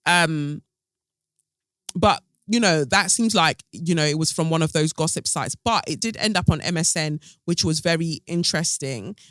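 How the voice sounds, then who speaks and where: A man hosting a casual commentary podcast, gossipy and animated, with plenty of ums and sassy asides. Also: a little high, moderate pace, no room sound. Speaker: podcast host.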